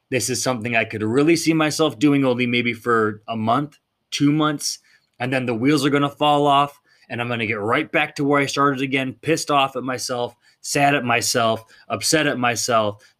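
A man's voice: medium pitch, moderate pace, a bit bright. A man hosting a fitness podcast in a blunt, fired-up monologue, swearing casually as he talks.

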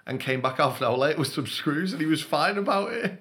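A man chatting casually and telling a story in a halting way, with many fillers and restarts. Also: fairly high pitch, lively intonation, pushed and bright. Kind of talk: casual chat.

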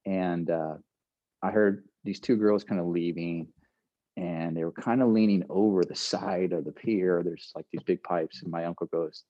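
A middle-aged man casually retelling a story, animated, laughing now and then and acting out what people said. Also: low-pitched, moderate pace, dry recording, highs cut off. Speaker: guest telling a story.

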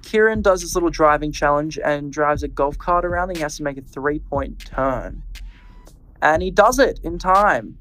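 A man co-hosting a podcast, casually recapping episodes and telling what happened in a relaxed, storytelling way. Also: a little high, moderate pace, low-quality recording. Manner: walks through events in a relaxed, storytelling way. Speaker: podcast co-host.

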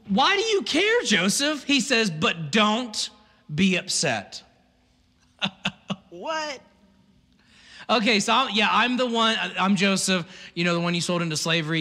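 A man preaching a sermon in an animated, conversational way, full of asides and laughs. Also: high voice, in a large hall. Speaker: pastor.

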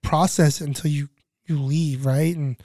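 Dark-voiced rambling man telling a story. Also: on the high side, steady tone, normal speed, no room sound, clean studio sound. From California. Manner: rambling, repeats words, quotes people in put-on voices. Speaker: guest recounting flood relief work. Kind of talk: casual storytelling chat.

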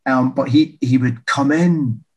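A man's voice: mid-range voice, measured pace, breathy edge, low-quality recording. A man talking as a guest author in a casual interview, a chatty storyteller who laughs through his anecdotes.

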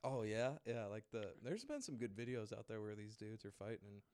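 A man's voice: lowish voice, lively intonation, moderate pace, a little mellow, clean tone, no echo. A young man co-hosting a podcast, chatting casually in a teasing, crude, playful manner. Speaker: podcast co-host. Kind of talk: casual chat.

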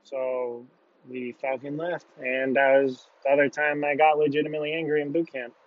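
A man's voice: mid-range voice, flat delivery, moderate pace, no room sound. A young man casually telling a personal story in a blunt way, with heavy swearing. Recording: dull, lo-fi, dry.

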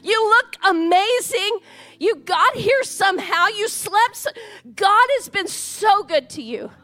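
A woman in her forties preaching a sermon in a church, lively, chatty and joking as she talks. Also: very high voice, takes it slowly. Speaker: pastor.

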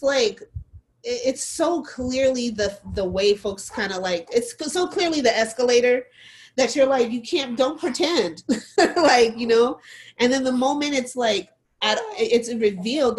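Animated woman in candid talk. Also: on the high side, normal speed, poor audio. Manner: animated, often laughing, restarts phrases. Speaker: guest. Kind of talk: candid conversation.

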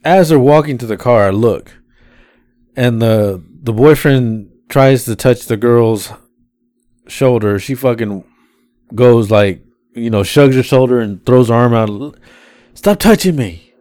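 A man's voice: medium pitch, unhurried, smooth. A man casually telling rideshare stories as a podcast co-host, swearing freely and acting out his passengers' voices. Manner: animated, acts out passengers' voices. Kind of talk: casual storytelling with profanity.

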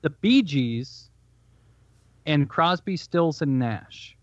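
A man with a Chicago accent co-hosting a casual podcast, telling stories in a relaxed, dry way. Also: on the high side, extremely slow, no echo. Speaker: co-host. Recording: dull, slightly lo-fi dry audio.

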